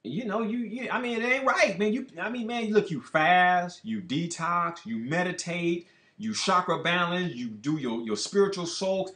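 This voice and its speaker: A man talking casually and emphatically as a health educator and business owner, using streetwise slang and swinging between low mutters and loud outbursts. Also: animated, normal speed, reverberant. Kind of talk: casual monologue.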